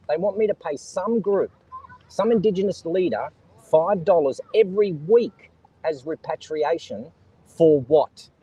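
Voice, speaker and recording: An Australian man with a husky, slightly high voice hosts a live stream outdoors on a beach. He talks straight to his viewers in a casual, opinionated way, reading out their chat comments as he goes. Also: a little mellow, highs cut off.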